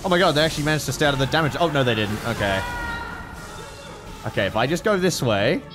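A man with an Australian accent giving excitable, casual commentary while playing a strategy game, swearing freely and yelling at his units. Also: mid-range voice, fast. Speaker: gaming streamer. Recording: commentary over game audio with music.

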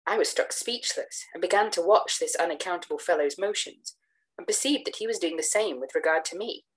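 Woman reading a gothic tale, low-toned. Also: low-quality recording. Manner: measured, expressive first-person storytelling. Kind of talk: literary narration read aloud.

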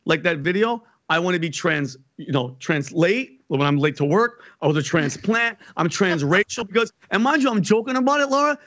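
A man's voice: high-pitched, fairly bright tone, no echo, dull audio. A man, a guest comedian in a casual interview, talking energetically in rambling bursts and repeating himself as he tells stories.

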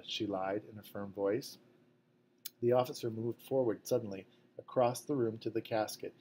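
A man reading a novel aloud at a measured, fairly quiet pace. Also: lowish voice, steady tone, a little hiss or hum. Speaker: audiobook narrator. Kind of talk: scripted narration.

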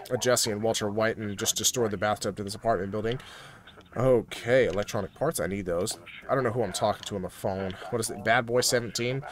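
A young man giving goofy, excitable commentary over his own video game playthrough, joking with his viewers. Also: fairly low pitch. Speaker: gaming YouTuber. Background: game music and sirens.

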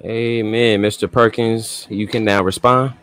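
A man moderating a debate, announcing the passages and giving each side the floor in a measured way. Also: fairly low pitch, fairly even intonation, fairly bright tone, smooth, no echo.

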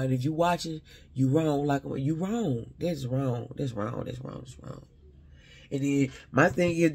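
A man's voice: high voice, mellow, husky. A man giving a casual spiritual reading to his viewers, rambling and talking straight to them while often second-guessing his own words.

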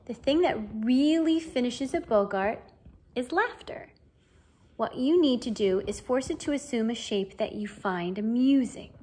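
A kindly middle-aged wizard teacher, as a woman reads him in a storybook reading. He explains things gently and cheerfully, coaxing his pupils along with calm encouragement. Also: on the high side, measured pace, breathy edge, pitched above the performer's own voice. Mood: encouraging. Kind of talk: fan audiobook reading.

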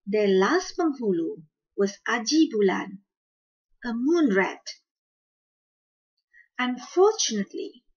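Slow, expressive woman storyteller. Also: on the high side, muffled recording. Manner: slow, expressive fable telling. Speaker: storyteller host. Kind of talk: storybook narration.

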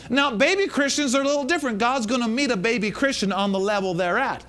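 Male pastor, very high-pitched and bright, preaching emphatically and calling out to the church. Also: fairly quick, few pauses. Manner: emphatic preaching with repeated phrases and call-outs to the congregation. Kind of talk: sermon.

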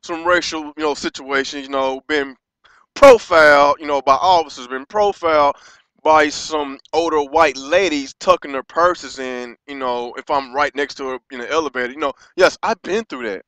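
An American man delivering an impassioned vlog rant, halting and restarting often and swearing freely. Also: on the high side, fairly even intonation, a bit bright, clean tone, no echo. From United States. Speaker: vlogger.

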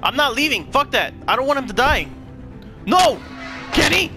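A man reacting to a story game with loud, profane, emotional outbursts as he plays. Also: very high-pitched, big pitch swings, fast, soft background music. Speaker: gaming channel host. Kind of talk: let's play reaction commentary.

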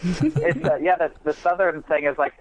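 A man's voice: on the high side, normal speed, no echo. Laid-back male comedian from Indiana. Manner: relaxed, hesitant, many fillers. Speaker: comedian guest. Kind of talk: casual podcast interview. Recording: dry, dull lo-fi sound.

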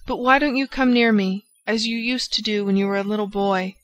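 A woman's voice: medium pitch, fairly even intonation, fairly quick, close to an everyday voice. A woman voicing a cheerful, affectionate old lady in an audiobook, speaking gaily and fondly. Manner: gay, affectionate, chiding. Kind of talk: audiobook character voice.

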